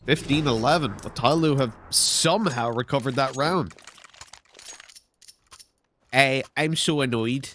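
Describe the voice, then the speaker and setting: A man doing play-by-play esports commentary, joking and getting excited on big plays. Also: medium pitch, unhurried, pauses often, a little hiss or hum.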